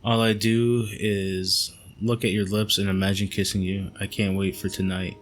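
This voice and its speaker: A man hosting a game playthrough, reading in-game letters aloud in a calm, measured way with the occasional aside. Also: low-pitched. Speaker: gaming channel host.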